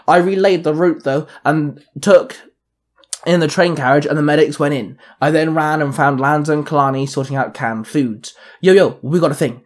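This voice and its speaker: A man's voice: a little high, normal speed. A man narrating a first-person fan fiction story aloud in a plain storytelling manner.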